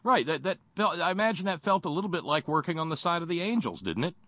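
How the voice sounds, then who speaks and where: A man's voice: a little high, expressive, fast, bright, forceful tone, no room sound. A man hosting a radio talk show, speaking in a folksy, wry way with many fillers and restarts.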